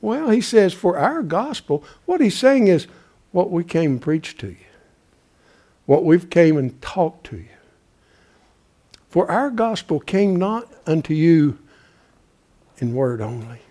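A man preaching a folksy sermon, calling out to his congregation and swinging from loud to hushed. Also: on the high side, big pitch swings, slow pace, long pauses.

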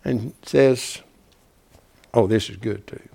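Gravelly, folksy preaching man. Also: medium pitch, takes it slowly. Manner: folksy, dramatic, swings from whisper to shout. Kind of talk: sermon.

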